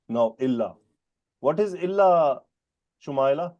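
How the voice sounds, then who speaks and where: A male teacher with non-native English gives a Quran grammar lesson, quizzing students by name and explaining terms slowly. His voice is medium-pitched and mellow, with a lo-fi sound.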